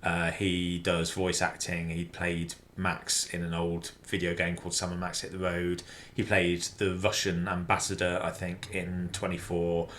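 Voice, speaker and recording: A British man recording a halting, hesitant video question for the podcast hosts. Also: deep voice, monotone, fairly bright tone, slight background noise. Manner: halting, hesitant, many pauses. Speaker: listener sending a video message.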